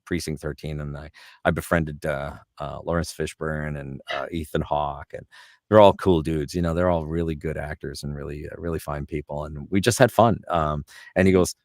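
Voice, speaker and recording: A middle-aged voice actor telling lively anecdotes as an interview guest. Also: male voice, extremely low pitch, dry recording, clean studio sound. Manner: lively, fast-moving anecdotes. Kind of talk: anecdotal storytelling.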